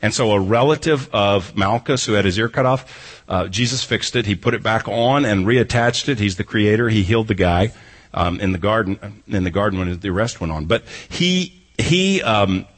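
A man's voice: fairly low pitch, animated, normal speed. A man preaching an expository sermon who reads a scripture passage and then explains it, driving his points home through emphatic repetition. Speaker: pastor.

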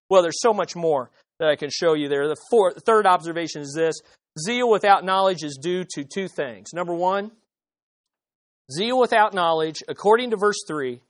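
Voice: mid-range voice, no echo, clean studio sound. A preacher delivering a sermon with emphasis, repeating key phrases and asking the listeners rhetorical questions.

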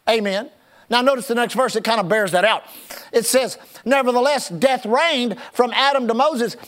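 High-voiced man preaching. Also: fairly bright tone. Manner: preaching with call-outs to the congregation. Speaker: pastor. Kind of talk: sermon.

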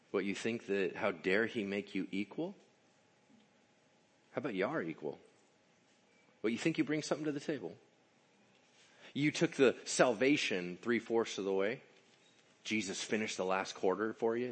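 A man's voice: fairly low pitch, measured pace, pauses often. A male pastor preaching a sermon in church, acting out voices, joking and asking the crowd questions. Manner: animated, acts out voices, jokes and asks the crowd.

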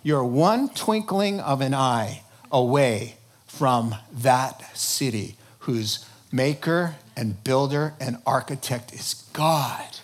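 A pastor giving an impassioned sermon, jumping between loud bursts and hushed lines and acting out quotes. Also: male voice, mid-range voice, animated, takes it slowly.

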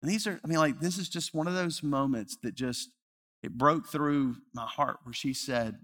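A male pastor preaching a sermon, earnest, rising to loud emphasis and dropping to hushed, slow repetition. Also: a little high. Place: church sanctuary. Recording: reverberant church hall.

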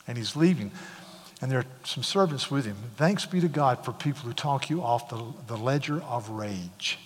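A man preaching a sermon in a church, retelling a scripture story in an animated way with casual asides. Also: mid-range voice, moderate pace, slightly rough. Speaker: pastor. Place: church sanctuary. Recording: long hall reverb.

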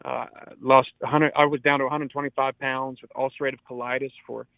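A man's voice: medium pitch, flat delivery, brisk, gravelly, no room sound. A pastor in his forties speaking in an earnest, preaching way during a radio interview, often repeating words as he drives a point home. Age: 40s. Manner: earnest, exhortative, repeats words when stressing. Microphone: phone line. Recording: tinny dry phone line.

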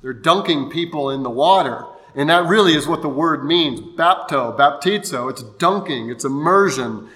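Man, pastor, conversational sermon voice, slightly high, bright tone. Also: expressive, moderate pace, few pauses. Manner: explanatory, conversational preaching with restarts.

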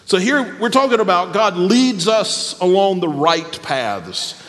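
Male pastor, sermon, high voice, very animated pitch, long hall reverb. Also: slow pace. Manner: animated preaching, drops to a soft quiet voice for tender moments.

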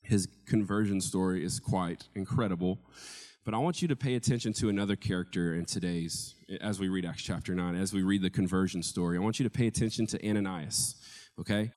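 A man's voice: low voice, brisk, darkish tone. A man preaching a conversational sermon, telling a parable and repeating key phrases for emphasis. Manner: tells a parable, quoting each figure in his own voice.

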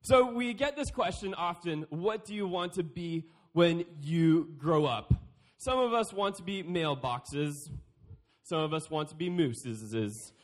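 A man's voice: a little high, animated, unhurried. A young man giving a playful youth sermon, joking and acting out quotes. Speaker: youth speaker.

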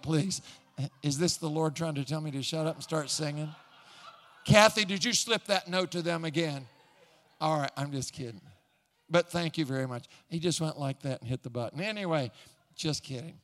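Animated storytelling preacher, slightly high voice. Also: male voice, brisk, soft background music. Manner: storytelling, building excitement, repeats words, chuckles. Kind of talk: sermon.

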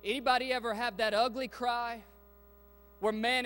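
A man preaching a sermon to a congregation. He swings from hushed, quiet passages to loud, fervent ones and asks the listeners direct questions. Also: very high-pitched, steady tone, a little fast, clean tone. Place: church sanctuary.

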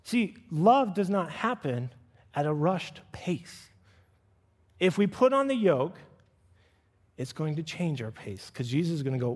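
A middle-aged man preaching a sermon as pastor, acting out quoted voices with animated swings of pitch. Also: a little slow, pauses often. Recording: long reverb of a church hall.

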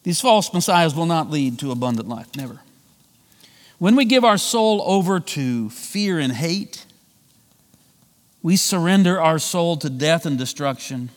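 A male pastor delivering a sermon, swinging between loud emphatic lines and quiet drawn-out phrases. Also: animated, in a large hall. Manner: preaching with wide swings of pitch and volume, slowing for emphasis.

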